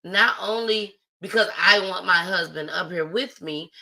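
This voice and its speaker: A woman's voice: fairly low pitch, unhurried, gravelly, bright, forceful tone, a little hiss or hum, poor audio. A woman hosting a live stream, talking casually and from the heart straight to her viewers. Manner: chatty, heartfelt, addresses viewers directly. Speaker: livestream host. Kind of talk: casual livestream talk.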